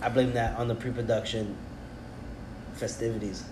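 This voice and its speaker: A man's voice: mid-range voice, little pitch movement, normal speed, a little mellow. A young man co-hosting a casual podcast, teasing and incredulous, cursing freely. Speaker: podcast co-host. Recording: echoey room with background noise.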